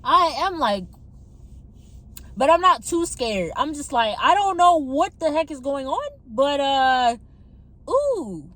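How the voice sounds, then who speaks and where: A young woman casually telling her personal testimony to her viewers on a phone camera, animated and talking straight to them. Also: high-pitched, takes it slowly. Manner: animated, addresses viewers as y'all. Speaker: testimony vlogger.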